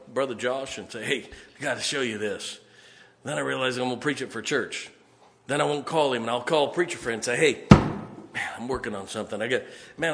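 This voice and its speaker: A man preaching a fiery, folksy sermon, building emphatically to loud peaks. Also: medium pitch. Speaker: pastor. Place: church sanctuary.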